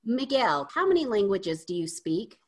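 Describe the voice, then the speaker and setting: A woman's voice: mid-range voice, big pitch swings, normal speed, darkish tone. A woman hosting an interview podcast, welcoming and upbeat, now and then searching for the right word. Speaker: podcast host.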